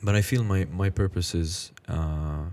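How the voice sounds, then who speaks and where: A man in his thirties who hosts a podcast and speaks in a reflective, halting, casual way. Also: low-pitched, mellow. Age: 30s. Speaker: podcast host. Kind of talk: casual conversation.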